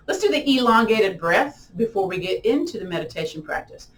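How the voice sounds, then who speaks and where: A middle-aged woman teaching gentle yoga, guiding breathing and a body-scan meditation in slow, soothing cues with counted breaths. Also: mid-range voice, sing-song, slight background noise. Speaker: yoga and tai chi instructor.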